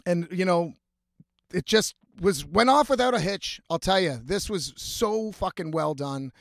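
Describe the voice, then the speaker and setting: Brief: young male vlogger, swears constantly, restarts a lot, high-pitched voice, dry booth-like sound. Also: measured pace, no echo. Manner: profane, rambling, animated storytelling with restarts. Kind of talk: casual storytelling vlog.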